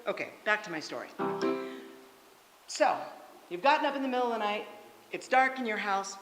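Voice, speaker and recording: A woman leading a choir workshop, coaching breathing and singing warm-ups with lively encouragement. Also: mid-range voice, moderate pace, over loud music. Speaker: choir director. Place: church hall. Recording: echoey church room, long reverb, loud instruments.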